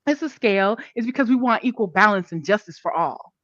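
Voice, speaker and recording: A woman co-hosting a casual reality TV recap podcast, chatty and quick to agree and laugh along. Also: mid-range voice, lively intonation, no echo. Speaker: podcast co-host. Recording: dry, dull lo-fi sound.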